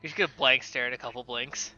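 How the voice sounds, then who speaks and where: A man voicing a dim, boastful male athlete in a tabletop game, with a lowered dopey drawl. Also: fairly even intonation, quick pace, sharp tone, dull audio, faint music behind.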